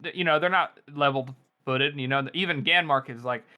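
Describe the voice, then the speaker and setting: A man with a bright, slightly high voice chats animatedly about a novel. He laughs often and restarts his sentences as his thoughts run ahead. The tone is loose and friendly. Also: normal speed. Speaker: podcast co-host. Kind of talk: casual book discussion.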